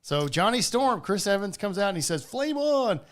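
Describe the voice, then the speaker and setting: A man co-hosting a casual podcast, excitedly recapping a movie with swearing and quoted lines. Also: high-pitched, fairly quick. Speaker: podcast co-host. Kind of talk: casual chat.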